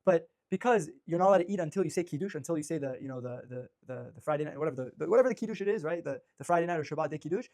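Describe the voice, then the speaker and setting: A man teaching an informal religious class, energetic, with many restarts and fillers. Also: fairly high pitch, racing, hardly any pauses.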